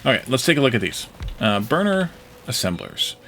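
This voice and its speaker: Casual male game streamer, mid pitch, rambling and joking, faint background hum. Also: very animated, a little fast, fairly bright tone. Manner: rambling, joking, trying out foreign words. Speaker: streamer playing a modded factory game. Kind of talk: casual gameplay commentary with chat.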